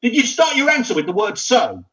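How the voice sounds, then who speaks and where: Camp, lively high-voiced male presenter. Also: fast, poor audio. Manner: animated, teasing, exclaims loudly. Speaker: guest presenter hosting a mock phone-in quiz. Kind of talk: camp, theatrical banter.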